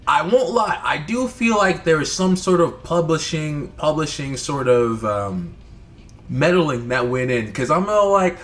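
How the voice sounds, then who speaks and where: A man's voice: medium pitch, lively intonation, a little slow, a bit bright. A man from the United States talking through a casual game review vlog, rambling, profane and full of restarts. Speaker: video creator.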